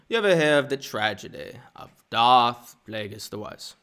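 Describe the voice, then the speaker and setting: A man voicing a scheming old Sith lord who tells a tale in a slow, hushed, insinuating way. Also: medium pitch, big pitch swings, vocal fry, full character voice.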